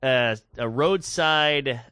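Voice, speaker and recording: A man's voice: mid-range voice, drawn-out words, sharp tone, clear, resonant tone, no echo, clean studio sound. A man co-hosting a podcast, telling rambling comedic road stories and acting out the people in them. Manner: rambling anecdotes with acted-out quotes. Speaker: podcast co-host. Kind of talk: casual comedic storytelling.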